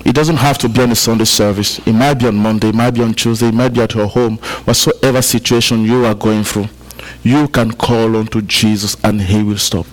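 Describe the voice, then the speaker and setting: At a church service, a man from Africa preaches, driving points home through repetition and chatting with the congregation. His lowish voice has fairly even intonation and a slightly fast pace, in a low-quality recording.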